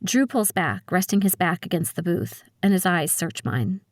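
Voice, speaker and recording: A woman's voice: lowish voice, lively intonation, normal speed, no echo, studio quality. Woman narrating an audiobook in first person.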